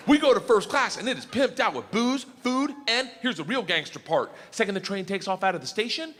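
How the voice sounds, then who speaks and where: A male stand-up comedian telling a story to a live audience, animated and loud, shouting his punchlines. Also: high-pitched, noisy background. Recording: echoey venue with long reverb.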